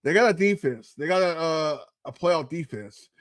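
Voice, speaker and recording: A man hosting a casual sports watch-along livestream, talking in a laid-back, halting way with many fillers. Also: fairly high pitch, expressive, dry recording. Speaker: livestream host.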